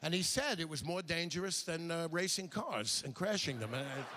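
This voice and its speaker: An older man doing stand-up comedy, chatty and digressive, slipping quickly into impressions. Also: fairly high pitch, expressive, background noise.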